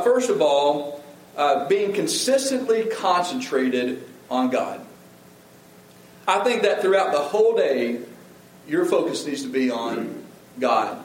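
A man's voice: a little high, slight background noise. Earnest preaching man in a roomy hall. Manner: earnest, conversational preaching with frequent restarts. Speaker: pastor. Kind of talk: sermon.

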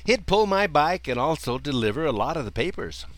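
An older man tells a personal story from his childhood in a folksy manner, talking a little fast and chuckling often. His pitch swings lively up and down, and there's no echo on the recording.

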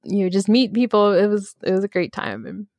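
A woman co-hosting a podcast, telling a long story in a rambling, animated way full of fillers. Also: mid-range voice, brisk, no echo. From United States. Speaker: podcast co-host. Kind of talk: casual chat.

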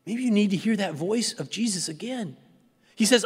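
Pastor, male, high voice, rhythmic sermon delivery that drops to hushed tones, long church reverb. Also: animated, normal speed, husky. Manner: repetitive preaching cadence, sinks to hushed, near-whispered close. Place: church sanctuary.

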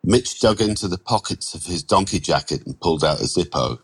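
A man narrating a short story in a calm, measured reading. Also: low voice, breathy edge, poor audio.

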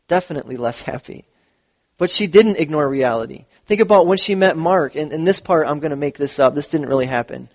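Animated high-voiced male pastor. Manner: animated storytelling with acted quotes. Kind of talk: sermon. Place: church.

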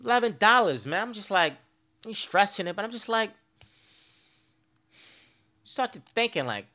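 Pausing often, a podcast host speaks at normal speed in a high voice through a casual, ranting monologue. His storytelling is animated and profane, with petty and exasperated grumbling.

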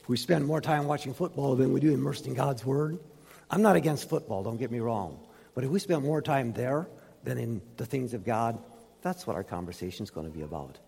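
Pastor, male, husky and emphatic, lively pitch swings, echoing church hall. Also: a little fast. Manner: emphatic preaching, swinging from loud highs to soft lows. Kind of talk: sermon. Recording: reverberant hall.

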